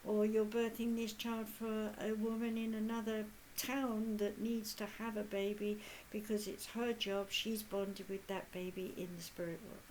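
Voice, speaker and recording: Elderly woman, spiritual medium, channeled talk, earnest and measured, pausing often, faint background hiss. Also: mid-range voice, flat delivery, a little mellow, poor audio. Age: 80s. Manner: measured and earnest, with long pauses.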